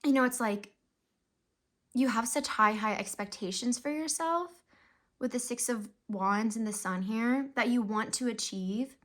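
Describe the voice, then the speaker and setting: A woman's voice: on the high side, a little slow, fairly bright tone. A young woman giving a casual, emotional tarot reading to camera, chatty and full of fillers and sighs. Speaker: tarot reader.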